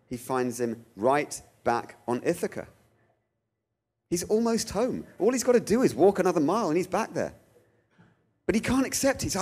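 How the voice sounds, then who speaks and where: A man giving a theological talk, telling stories with animated delivery and acting out quoted voices. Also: medium pitch. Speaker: guest speaker.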